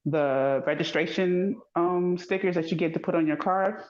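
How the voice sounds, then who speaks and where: Woman chatting casually, animated storyteller, echoey room, dull lo-fi sound. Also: normal speed. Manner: animated storytelling, acts out dialogue in high voice. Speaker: podcast co-host. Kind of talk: casual chat.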